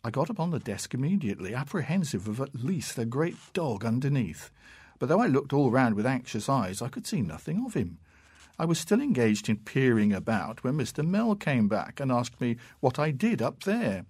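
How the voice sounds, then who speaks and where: A man reading classic fiction aloud in a measured, unhurried and expressive way. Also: mid-range voice, slightly rough, no echo. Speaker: narrator.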